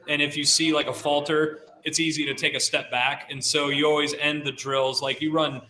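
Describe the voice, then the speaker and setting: A middle-aged man who handles avalanche dogs gives a casual talk to a live audience, relaxed and chatty with lots of "like" fillers. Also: a little high. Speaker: guest speaker, avalanche dog handler. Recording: roomy hall sound.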